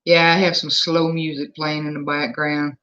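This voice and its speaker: This is a livestream host with a Southern US accent, talking casually from home. The voice sounds bright and forceful, and it moves from one viewer comment to the next in easy chatter. The audio is a little muffled and lo-fi. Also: medium pitch, little pitch movement, normal speed. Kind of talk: casual live chat. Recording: slightly dull lo-fi sound.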